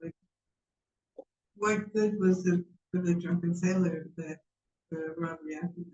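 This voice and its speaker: A man's voice: high-pitched, steady tone, slow, a little mellow, soft background music. A man in a class, asking the teacher a hesitant question. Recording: echoey, dull, from across a room.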